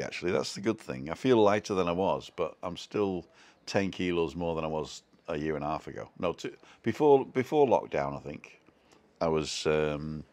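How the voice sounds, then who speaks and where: A man hosting a casual live stream, chatting in a self-deprecating way and reading out viewer comments from home. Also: low-pitched.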